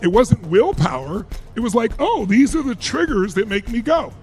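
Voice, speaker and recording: Animated, high-voiced male motivational speaker. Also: moderate pace, faint music behind. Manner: emphatic, asks the crowd rhetorical questions. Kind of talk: live seminar speech to an audience.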